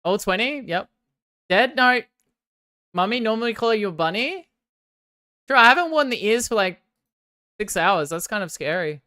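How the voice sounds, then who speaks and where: A woman livestreaming a game, chatting with her viewers and swinging from excited outbursts to sheepish apologies. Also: medium pitch, moderate pace, long pauses, no echo, clean studio sound. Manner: banters with chat, swears casually. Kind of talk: casual gaming livestream chat.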